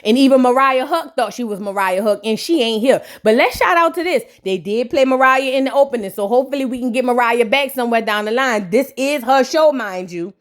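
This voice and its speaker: Sassy high-voiced woman reviewer. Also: brisk, hardly any pauses. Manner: sassy, gossipy, slangy and animated. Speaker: reality TV reviewer. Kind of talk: casual reaction commentary.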